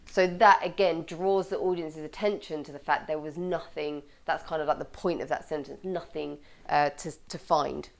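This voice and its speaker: A woman's voice: deep voice, moderate pace, hardly any pauses. Upbeat woman coaching on speaking. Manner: lively, bright presenting with clear stressed words. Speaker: communication coach. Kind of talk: presenting a video tip.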